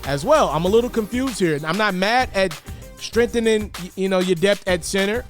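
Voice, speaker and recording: A man giving casual, animated basketball commentary, often repeating words and jumping up in pitch for emphasis. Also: moderate pace, faint music behind.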